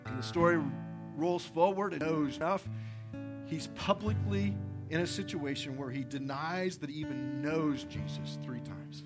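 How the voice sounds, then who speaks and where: A man, a pastor, preaching a conversational, energetic sermon in a church, repeating his phrases for effect. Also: a little high, normal speed. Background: soft guitar music.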